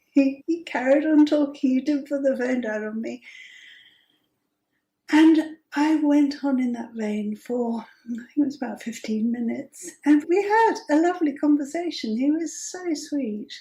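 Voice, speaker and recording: A woman in her fifties telling a personal story as host, chatty and amused, with breathy asides. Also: high-pitched, measured pace, warm tone, roomy sound. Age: 50s.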